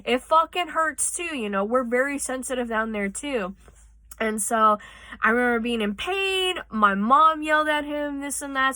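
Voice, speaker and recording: A woman vlogging into her phone, her voice bright and a bit sharp in a close, dry room. She rambles through her story with fillers and swearing, and she is teary. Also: on the high side, no room sound. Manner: rambling, tearful at times, swears freely. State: tearing up. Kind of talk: casual storytelling vlog.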